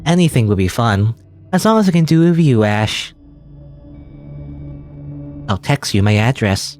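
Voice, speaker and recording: A sugary, devoted teenage girlfriend with a lively, bouncing voice, as a man puts her on. She gushes affectionately, and there is something unsettling underneath the sweetness. Faint music plays behind her. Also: mid-range voice, measured pace. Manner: gushing and affectionate, with a creepy edge.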